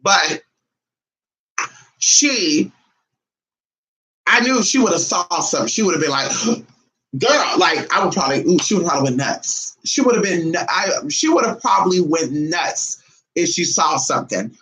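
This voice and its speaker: A woman spinning a casual storytime for her viewers in a lively, unfiltered way. She swears freely and jumps into high, dramatic voices whenever she quotes someone. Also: moderate pace, rough recording. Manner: animated, blunt and profane, acts out others' lines with big pitch jumps. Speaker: spiritualist vlogger.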